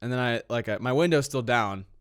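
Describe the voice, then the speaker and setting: A man's voice: medium pitch, brisk, clear, resonant tone. A young man co-hosting a podcast, telling stories in a casual, playful way. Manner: storytelling, playful, repeats phrases for laughs. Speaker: podcast co-host. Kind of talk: casual chat.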